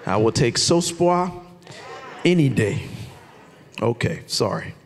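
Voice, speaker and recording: A man preaching a lively, conversational sermon, shouting out his key points. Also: mid-range voice, takes it slowly, gravelly, in a large hall, slight background noise. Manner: animated and conversational, with shouted emphasis. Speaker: pastor.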